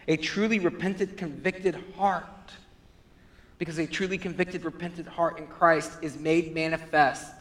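Man preaching a sermon in a reverberant hall. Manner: preaching with wide swings between quiet, low passages and loud, high climaxes. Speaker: pastor.

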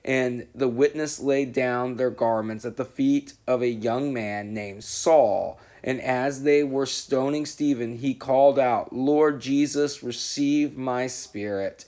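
A man reading scripture aloud in a measured, solemn way as the regular reader of a daily reading program. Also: medium pitch, fairly even intonation, darkish tone. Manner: slow, measured, solemn delivery.

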